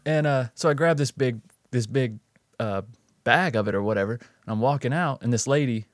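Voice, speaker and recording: A man's voice: medium pitch, brisk, no echo, studio quality. Laid-back man chatting. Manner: laid-back, laughs often, drawling storyteller. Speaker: podcast co-host. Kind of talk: casual chat.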